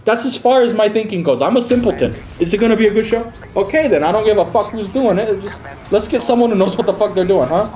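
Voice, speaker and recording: A man's voice: sits high, quick pace, dark tone. A man ranting profanely and heatedly during a casual livestream, often slipping into mocking voices. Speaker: live streamer.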